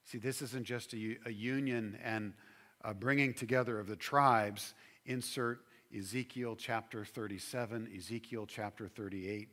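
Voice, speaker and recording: A man's voice: on the low side, fairly even intonation, fairly bright tone. Man preaching with rising fervor. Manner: preaching with swelling emphasis and drawn-out key words. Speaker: pastor. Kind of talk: sermon.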